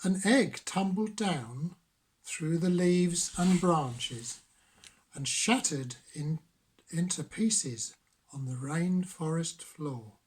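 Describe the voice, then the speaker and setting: Old guy reading a bedtime picture book, slow and gentle, easy going. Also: fairly high pitch, lively intonation, slightly rough. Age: older. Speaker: grandfather storyteller.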